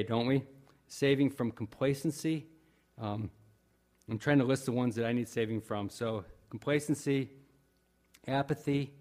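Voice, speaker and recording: A man preaching a sermon in a conversational, earnest way, often pausing with fillers and restarting his sentences. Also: mid-range voice. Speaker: pastor.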